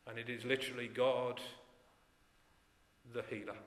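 A man preaching a sermon in an earnest, emphatic way, letting his phrases fall away softly at the ends. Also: mid-range voice, flat delivery, a little slow. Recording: echoey church hall with long reverb.

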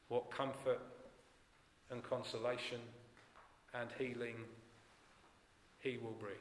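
A man preaching a sermon in an earnest, emphatic way, letting his phrases fall away softly at the ends. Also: medium pitch, level tone, takes it slowly, long pauses, a little hiss or hum. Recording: echoey church hall with long reverb.

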